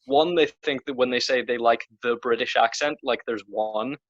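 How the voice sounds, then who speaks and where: A man's voice: mid-range voice, moderate pace, no room sound. Rambling Northern Irish man podcasting. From Northern Ireland. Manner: rambling, many restarts and fillers. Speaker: podcast co-host. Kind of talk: casual chat. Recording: dry, dull lo-fi sound.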